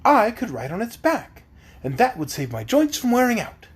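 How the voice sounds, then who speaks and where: A man voicing a calm, curious pumpkin-headed wooden man in a bedtime storybook reading. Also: very high-pitched, normal speed, husky, pitched above the performer's own voice, full character voice. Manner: calm, mildly wondering.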